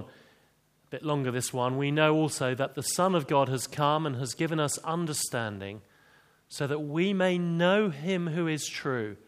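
A man preaching a sermon, earnest and emphatic, slowing down to read scripture. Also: mid-range voice.

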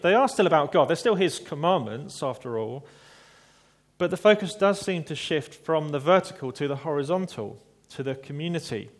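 A man preaching a sermon in a measured, reflective way, with small asides to his listeners. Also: fairly high pitch.

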